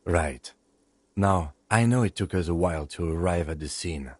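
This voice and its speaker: An actor playing a calm, precise police lieutenant who speaks in a measured, formal way, with a low, slightly husky voice. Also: male voice, no echo. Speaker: detective partner.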